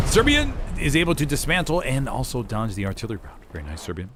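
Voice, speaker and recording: A man giving live play-by-play commentary on a game as its caster, relaxed and rambling, with loud excited bursts at big plays. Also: medium pitch, fast, hardly any pauses, noisy background. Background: game gunfire and artillery.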